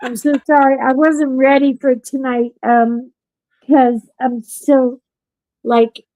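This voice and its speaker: A woman podcast host telling a story in casual chat, animated and acting out what people said. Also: high voice, slow, no room sound, low-quality recording. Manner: animated storyteller who acts out quotes.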